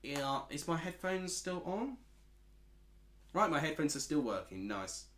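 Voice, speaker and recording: A chatty man with an Essex accent streams a football watchalong, his pitch bouncing up and down as he reads out chat messages. He sounds like he's in an echoey room. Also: very animated, a little slow, a bit bright. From Essex, England. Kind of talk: casual football watchalong commentary.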